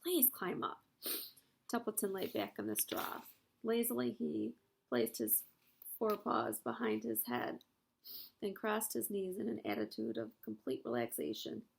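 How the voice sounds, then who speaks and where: A woman's voice: medium pitch, lively intonation, moderate pace, vocal fry, a little hiss or hum. A woman reading a children's novel aloud. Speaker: reader.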